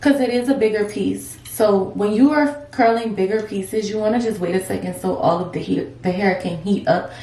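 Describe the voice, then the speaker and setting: A woman's voice: medium pitch, normal speed, few pauses, mellow. A young woman vlogging while styling a wig at home, talking candidly and swearing freely in casual girl-talk. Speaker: beauty vlogger. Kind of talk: casual chatty vlog. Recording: echoey room with faint noise.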